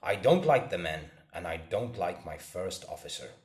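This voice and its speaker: Stern grumpy sea captain in a storybook reading, a guy doing the voice, low and blunt, echoey room. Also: very animated, normal speed, darkish tone. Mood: gruff complaint. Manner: blunt, disapproving. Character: stern grumbling middle-aged male sea captain. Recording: roomy echo.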